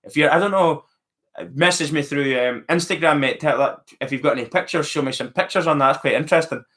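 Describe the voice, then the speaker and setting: A man's voice: on the high side, quick pace, a bit bright. A man with a Scottish accent hosting a casual live-stream chat, musing aloud to viewers with plenty of fillers and restarts. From Scotland. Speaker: channel host answering live chat.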